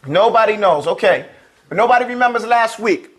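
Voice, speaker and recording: A man's voice: sits high, expressive, normal speed. A man teaching Arabic and recitation in a classroom, explaining patiently and having the class repeat each word after him. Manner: call-and-response, has the class repeat words.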